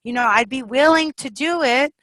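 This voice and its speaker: A middle-aged woman coaching a group over a video call, energetic and encouraging, with frequent laughs. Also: high voice, moderate pace, no room sound, poor audio. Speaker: speaking coach.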